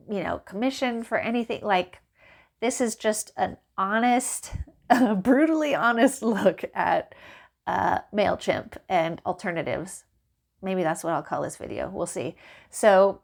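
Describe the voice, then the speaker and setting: A woman vlogging casually to camera, animated and exasperated, laughing and acting out the exchanges as she tells them. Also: medium pitch, creaky. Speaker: small business vlogger. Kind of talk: casual ranting vlog to camera.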